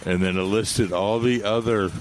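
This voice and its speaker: A deep-voiced man chats casually about tomatoes and sales, easygoing and anecdotal. He is recorded outdoors at a nursery, with faint noise in the background. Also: steady tone, normal speed. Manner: easygoing, telling light anecdotes. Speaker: gardening show co-host. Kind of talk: casual radio gardening chat.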